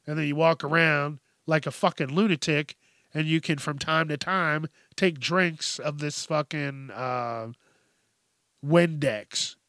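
A man on a podcast, ranting in a casual, comedic way, with a slightly high voice and an unhurried, drawn-out delivery. He swears constantly, speaks bluntly and breaks into laughter often. The sound is close and dry. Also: pushed and bright, no echo. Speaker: podcast host.

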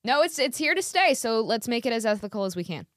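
A woman's voice: on the high side, very animated, fast, no echo. Earnest lady podcast host, repeats herself a lot, dry close sound. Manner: earnest, emphatic, repeats phrases. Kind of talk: casual interview chat.

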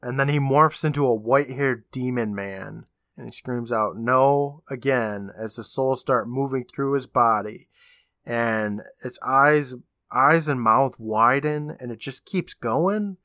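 A man's voice: medium pitch, measured pace, pushed and bright, dry recording, studio quality. A man co-hosting a podcast, animatedly retelling a TV episode in casual chat and laughing often. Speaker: podcast co-host.

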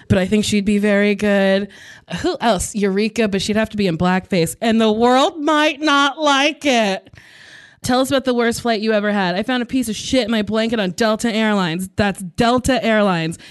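A woman comedian answering rapid-fire questions, frank and animated, with playful asides. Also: mid-range voice, clear, resonant tone, no echo, clean studio sound. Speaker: stand-up comedian.

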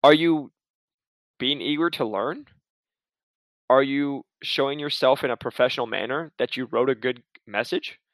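A man's voice: medium pitch, normal speed, fairly bright tone, dry recording. A man giving casual career advice in a chatty, laid-back way, full of restarts and asides. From Arizona.

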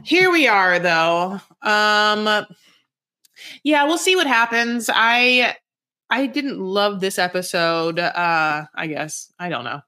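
A woman's voice: medium pitch, lively intonation, slow pace, pushed and bright, smooth. A woman co-hosting a podcast in casual recap chat, chatty with wry asides. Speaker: podcast co-host.

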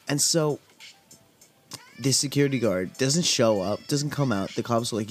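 A man's voice: mid-range voice, normal speed, pauses often, faint music behind. A young man from Southern California's desert valley, casually telling a podcast story in a laid-back, profane, filler-heavy way. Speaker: podcast host.

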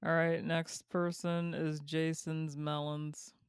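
Low, flat woman co-host, dry deadpan reader, very clean voice. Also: slow pace, smooth, no room sound. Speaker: podcast co-host reading listener messages. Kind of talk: comedic sibling banter.

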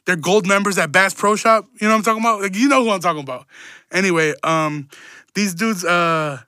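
Young male podcast host, high voice, profane rambling rant, bone-dry close sound. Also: fairly quick, pushed and bright, smooth, no room sound. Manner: rambling, profane, stumbling repeats. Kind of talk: casual solo podcast rant.

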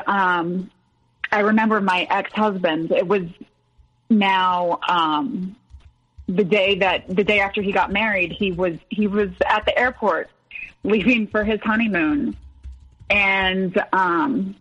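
A woman guest on a podcast, slowly recounting a personal story with many pauses and fillers. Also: medium pitch, a bit bright, muffled recording.

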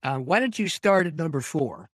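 A man, a pastor, telling a personal story with lots of laughter, dropping to a hush and then rising loud and excited. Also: on the high side, moderate pace, dry recording, studio quality. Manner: animated storyteller, laughs often, swings between hushed and loud. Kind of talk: storytelling testimony.

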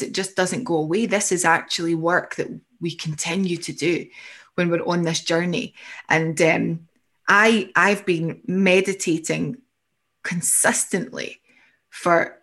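A woman's voice: fairly low pitch, steady tone, measured pace, a bit bright. Reassuring woman coach. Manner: reassuring, reflective, voices inner thoughts. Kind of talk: coaching conversation.

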